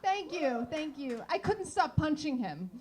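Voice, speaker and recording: A woman's voice: high voice, very animated, unhurried, background noise. A woman doing brash, crude stand-up in a bar, teasing the audience. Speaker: stand-up comedian. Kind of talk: stand-up comedy. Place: bar comedy stage.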